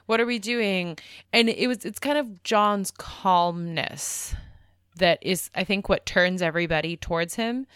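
A woman co-hosting a podcast, arguing her points in an animated, casual way. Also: fairly low pitch, unhurried, clear, resonant tone, no room sound, studio quality. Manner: animated, argumentative. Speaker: podcast co-host. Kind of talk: casual discussion.

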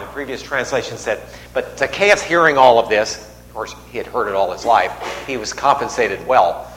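A man preaches a sermon in a church, keeping it conversational and joking with the congregation. His voice is medium in pitch with a fairly bright tone, and the recording has an echoey hall sound with faint noise.

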